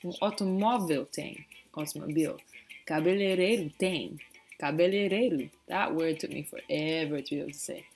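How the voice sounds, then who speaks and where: A woman, a native English speaker, teaching phrases in a casual, playful lesson and repeating words slowly for learners. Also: low-pitched, darkish tone, soft background music. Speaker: language teacher.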